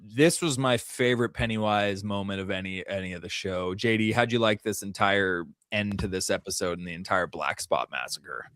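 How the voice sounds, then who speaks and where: A man's voice: on the low side, normal speed, few pauses, a bit bright, no echo, clean studio sound. A man hosting a casual podcast review, retelling scenes animatedly and laughing often. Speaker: podcast host.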